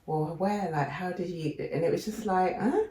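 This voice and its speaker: A woman's voice: fairly low pitch, moderate pace, echoey room. A woman co-hosting a podcast, telling stories in casual chat and acting out the voices of people she quotes. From England. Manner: animated storyteller, acts out quoted voices. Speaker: podcast co-host.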